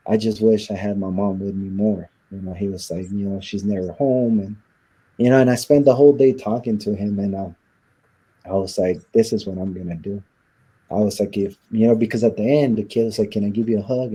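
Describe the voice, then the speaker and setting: Husky, dark-voiced man telling his story. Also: fairly low pitch, fairly even intonation, fairly quick. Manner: recounts events by acting out quoted dialogue. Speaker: interview guest. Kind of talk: storytelling in a sit-down interview.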